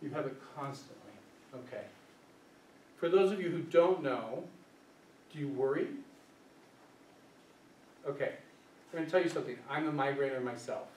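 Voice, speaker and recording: A man's voice: mid-range voice, moderate pace, pauses often, a little mellow. A man presenting a workshop as a social worker, lecturing a small group and asking them questions as he speaks. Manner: engaging, asks the group questions; acts out quoted voices. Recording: echoey room from a distance, faint hiss.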